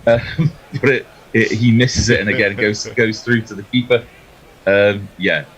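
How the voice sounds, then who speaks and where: A man giving relaxed ball-by-ball cricket commentary, chatty and laughing between deliveries. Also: fairly low pitch, measured pace, slightly rough, low-quality recording.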